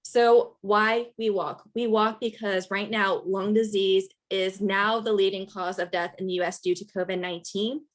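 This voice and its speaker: A woman's voice: mid-range voice, steady tone, moderate pace, few pauses. A woman hosting a virtual rally on a video call, upbeat and encouraging, with many fillers. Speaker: event host and organizer.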